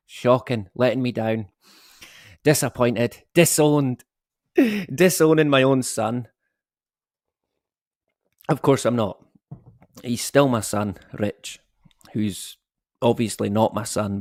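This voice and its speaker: A man's voice: mid-range voice, no room sound, studio quality. A man in his thirties casually chatting and greeting viewers as a livestream host, joking at his own expense and swearing freely. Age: 30s. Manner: jokey, self-mocking, swears casually, laughs often. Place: at home.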